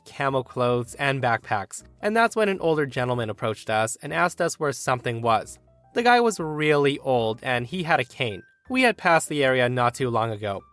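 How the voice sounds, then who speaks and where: A man hosting a story channel, narrating a scripted story in a lively, expressive way. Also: mid-range voice, no echo.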